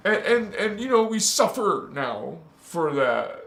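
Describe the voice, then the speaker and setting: A man hosts a casual spiritual livestream from his bedroom, laughing often and tossing in street slang. His voice sits high and swings widely in pitch. It carries a gravelly edge and rings in a roomy, echoey room. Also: sing-song, slow pace, hardly any pauses, a bit bright. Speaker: livestream host. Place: bedroom, on a squeaky bed.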